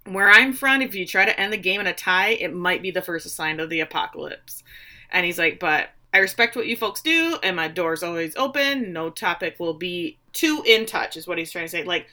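Bright-voiced woman recapping a show. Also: on the low side, moderate pace. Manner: animated, acts out quotes in playful voices. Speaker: podcast co-host recapping a show. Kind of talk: casual chat recap.

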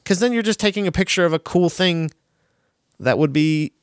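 A man's voice: sits high, normal speed, smooth, no echo, studio quality. A man chatting casually with a friend, rambling and swearing, often restarting his sentences. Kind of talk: casual chat.

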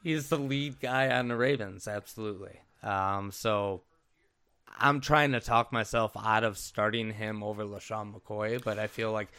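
A man's voice: on the low side, fairly even intonation, a little slow, bright, forceful tone, clear, resonant tone. A man co-hosting a casual fantasy football podcast, easygoing and joking, with some hesitant fillers.

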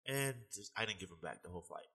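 A young man being interviewed, telling animated stories and laughing often in casual talk. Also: low voice, fast talker, slightly rough, low-quality recording. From United States. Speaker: guest, fitness trainer.

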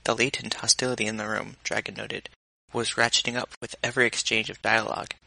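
A man reading a story aloud in a measured, even narration. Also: fairly low pitch, creaky, no echo, poor audio. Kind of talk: audiobook narration.

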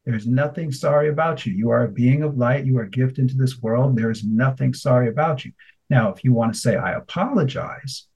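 A middle-aged man co-hosting a radio talk show, chatting and telling animated stories, sometimes slipping into a grandfatherly voice. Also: medium pitch, brisk, breathy edge, rough recording. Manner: animated storyteller, slips into a warm grandfatherly voice. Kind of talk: casual chat.

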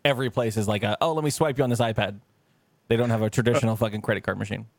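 A man co-hosting a casual podcast chat, rambling and swearing, his pitch jumping high when he quotes himself. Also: steady tone, very fast, no room sound, clean studio sound. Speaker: podcast co-host.

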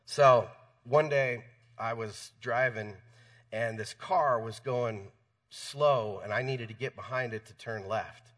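A man's voice: medium pitch, slow pace, fairly bright tone, recorded from a distance. A man preaching a sermon in a church, conversational, stumbling over repeated words. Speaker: pastor. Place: church sanctuary.

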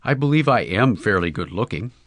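A man's voice: lowish voice, expressive, brisk, no echo. A man voicing a proud, ambitious young woman who speaks in a prim, superior way.

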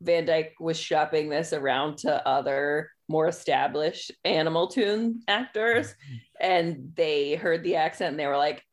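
A woman's voice: sits low, unhurried. A woman co-hosting a casual podcast chat, playful and laughing often.

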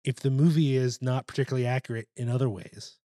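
A man co-hosting a casual film chat, opinionated and profane, talking in an animated way. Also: medium pitch, quick pace, no room sound, clean studio sound.

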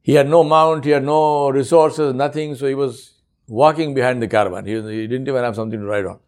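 A man's voice: mid-range voice, steady tone, fairly quick, darkish tone. A man preaching a sermon, telling a story earnestly and using frequent Arabic honorifics.

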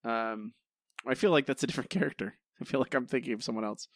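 A man's voice: medium pitch, fast talker, no echo, studio quality. A man co-hosting a casual podcast chat and trivia quiz, self-deprecating and stumbling into restarts. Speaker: podcast co-host.

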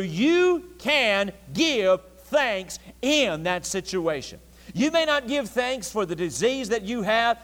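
A man's voice: high voice, fairly bright tone. A man preaching an evening church sermon with an emphatic, repetitive cadence. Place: church sanctuary. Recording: long church reverb.

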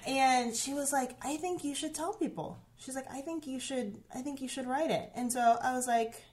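A woman in her thirties tells a personal story in a relaxed conversation. She speaks earnestly and often restarts, leaning on "like" and "um". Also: high voice, moderate pace. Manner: earnest, heavy use of "like" and "um", many restarts. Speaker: guest sharing a personal story.

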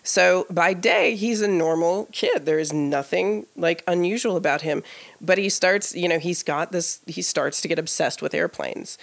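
A woman co-hosting a podcast, telling a story in a casual, animated way, full of "like" fillers and acted-out quoted dialogue. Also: on the low side, moderate pace, vocal fry. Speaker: podcast co-host. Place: live podcast taping before an audience.

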